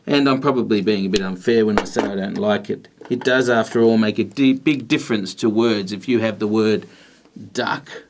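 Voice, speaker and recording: A man teaching a grammar lesson, explaining in a patient, measured way with pauses. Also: on the low side, vocal fry, darkish tone.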